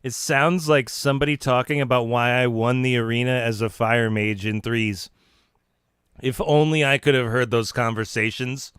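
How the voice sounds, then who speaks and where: A man streaming live, talking in a casual, mock-serious lecturing way with halting restarts. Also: mid-range voice, fairly even intonation, a bit bright, clean tone, no echo, clean studio sound.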